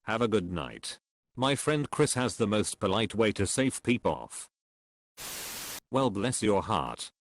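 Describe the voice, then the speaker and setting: Man, comment reader, unhurried, low voice rising and falling a lot, light hiss. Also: big pitch swings. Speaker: narrator reading online comments. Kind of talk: reading comments aloud.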